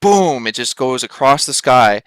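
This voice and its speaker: A man's voice: mid-range voice, measured pace, clear, resonant tone, dry recording. A man in his thirties from Canada, casually telling a personal story in a rambling way, full of "like.". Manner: rambling, lots of filler "like", excited retelling. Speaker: vlogger.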